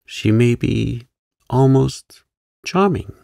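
A man's voice: mid-range voice, lively intonation, slow pace, gravelly, dark tone, no room sound, studio quality, voice pushed up, exaggerated voice. A man voicing a spirited young woman in a sleep story, poised and a little indignant.

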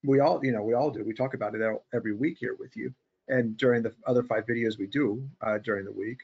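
A man hosting a casual trading podcast, talking in an animated, sarcastic, ranting way. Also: mid-range voice, fast talker, creaky, breathy edge, lo-fi sound. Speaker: podcast host.

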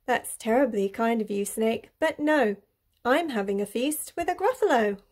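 A woman's voice: a little high, expressive, moderate pace, a little mellow. A woman voicing a boastful, clever little male mouse in a sing-song rhyming manner. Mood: cheeky.

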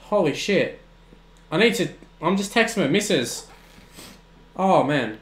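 A young man, commentating his own video game on a live stream in excitable bursts, often shouting. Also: high-pitched, unhurried, pauses often, roomy sound. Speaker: gaming streamer.

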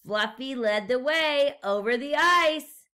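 A woman teacher reading a storybook aloud to young children and asking them gentle questions. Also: high voice, animated. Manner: gentle, slow, questions to the listener.

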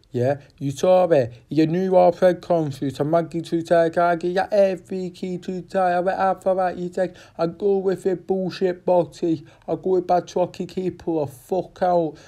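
A man talks through an upcoming fight in a loose, rambling way, stopping often on fillers and dropping swear words. He speaks at an unhurried, drawn-out pace. His voice sounds mellow and dark. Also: on the high side. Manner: rambling, profane, halting with many fillers. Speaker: boxing fan giving fight predictions. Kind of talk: casual rambling fight preview.

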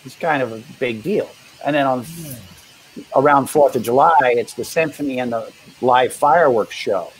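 A man's voice: mid-range voice, breathy edge, poor audio. Rambling man telling juggling stories. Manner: rambling, halting anecdotes with quoted dialogue. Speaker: guest, street performer and juggler. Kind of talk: casual interview storytelling.

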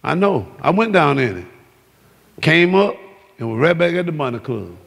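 A man preaches with a gravelly, bright edge to his fairly high voice. He shouts and works the congregation in an exuberant sermon. His words ring out in a church hall with long reverb. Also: very animated, moderate pace. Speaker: pastor. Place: church sanctuary.

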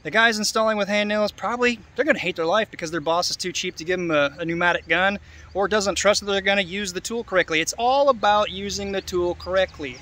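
A roofing contractor, talking viewers through a roof inspection outdoors in a chatty, sarcastic way. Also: male voice, high-pitched, fast, pushed and bright. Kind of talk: on-site roof inspection vlog.

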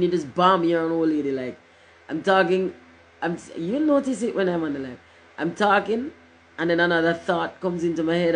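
A middle-aged woman hosts a livestream, chatting casually in a rambling, joking manner and swearing freely. Her voice is fairly low, and the rough recording carries slight background noise.

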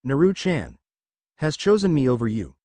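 A man reading the lines of a calm, cruel, possessive goddess, speaking coldly in his own voice. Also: medium pitch, normal speed, no room sound. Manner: cold and calm.

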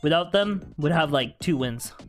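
A young man streaming a video game live, swearing, berating himself and repeating phrases, with sudden excited yelps. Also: fairly high pitch, normal speed, faint music behind. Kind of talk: live gaming commentary.

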